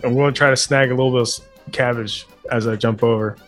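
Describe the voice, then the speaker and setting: A man playing in a tabletop game, talking in a low-key, matter-of-fact way. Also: steady tone, fast talker, faint music behind. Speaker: player. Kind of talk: casual game chat.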